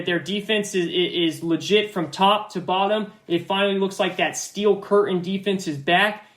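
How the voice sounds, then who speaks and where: On his football podcast, this host gives confident, emphatic opinions, frequently saying the same phrases again. His voice sits high, and the room is echoey.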